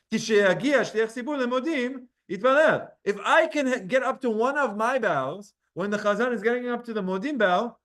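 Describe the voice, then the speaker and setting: A man's voice: sits high, fairly bright tone. A man teaching a Talmud class. He reads Hebrew and Aramaic passages aloud, translates them, and breaks off to speak to his students by name. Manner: explains texts, reading Hebrew and Aramaic aloud and translating with quick asides.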